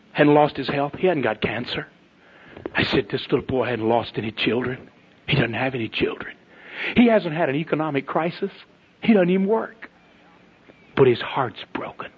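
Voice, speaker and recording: Folksy preacher, husky voice. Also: male voice, a little high. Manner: folksy storytelling, swings from loud to hushed. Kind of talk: sermon to pastors. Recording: dull lo-fi sermon tape.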